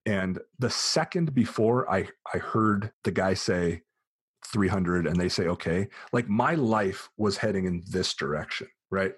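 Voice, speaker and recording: A low, slightly husky American man in his forties tells a personal story in a relaxed podcast chat. He slips into the voices of the people he quotes. The recording is dry and close. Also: unhurried, no echo. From United States. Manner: animated storyteller who acts out quoted voices. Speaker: podcast host.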